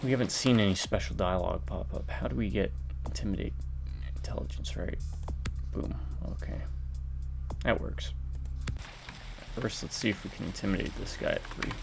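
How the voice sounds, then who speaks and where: A man with a nasal, whiny voice giving relaxed, casual commentary while playing a video game. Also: lowish voice, normal speed, creaky, long pauses. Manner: relaxed, thinking aloud with fillers. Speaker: let's play host. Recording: noisy home recording with keyboard typing.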